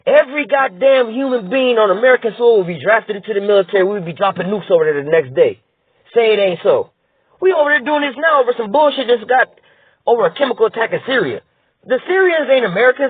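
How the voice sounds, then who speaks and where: A man's voice: high voice, husky, no echo. A man giving heated, profane commentary, reading news aloud and asking "all right?" again and again. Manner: blunt, profane, rhetorical, repeats "all right?". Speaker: political commentator. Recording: tinny phone-like dry sound.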